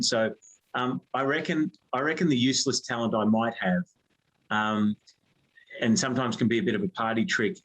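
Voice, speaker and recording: A man's voice: mid-range voice, low-quality recording. Australian man talking over restarts. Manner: many restarts and fillers, thinking aloud. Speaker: HR firm director, guest. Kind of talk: casual interview chat.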